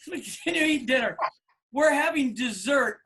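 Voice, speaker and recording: Animated storytelling man, podcast co-host. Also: very high voice, normal speed. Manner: animated storyteller, acts out quoted people loudly. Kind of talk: casual storytelling.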